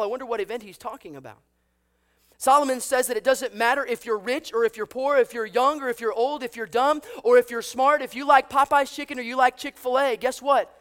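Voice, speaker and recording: A man's voice: very high-pitched, fairly quick, fairly bright tone. A man preaching a sermon, telling a story with acted voices and asking the congregation rhetorical questions. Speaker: pastor.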